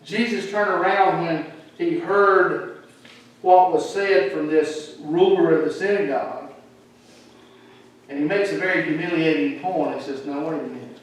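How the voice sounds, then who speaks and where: A high-voiced man delivering a lively church sermon, acting out the people he quotes. He is heard from a distance, with heavy echo from the large hall. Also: a little slow. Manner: animated, acts out quoted speech. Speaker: preacher. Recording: echoey hall from far off.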